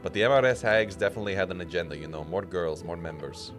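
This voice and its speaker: A man's voice: sits low, animated, quick pace. A man voicing an ancient, chatty, boastful male skull mage who rambles gleefully and tries an accent. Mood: rambling. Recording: music playing underneath.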